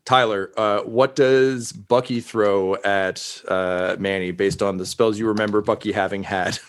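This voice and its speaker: Low-voiced male game master, casual and profane, quick to laugh. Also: steady tone, clean tone. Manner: loose and laughing, many fillers.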